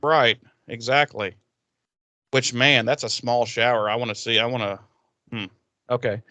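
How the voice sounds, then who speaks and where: A man co-hosting a podcast who recaps a TV episode in casual, profane talk, laughing often and getting animated. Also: medium pitch, normal speed, dry recording. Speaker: podcast co-host.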